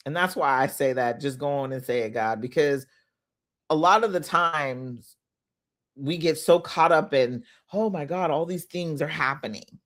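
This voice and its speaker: A middle-aged woman, giving a motivational talk on a phone livestream, emotional and quick to laugh. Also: deep voice, a bit bright. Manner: laughs often, preachy, emotional. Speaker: inspirational speaker.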